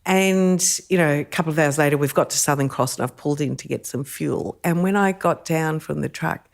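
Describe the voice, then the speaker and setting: Guest, Australian woman, middle-aged, deep-set voice, warm storyteller who laughs easily. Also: fairly quick, gravelly. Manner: lively, laughs often while telling stories. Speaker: podcast guest. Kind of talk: storytelling in casual chat.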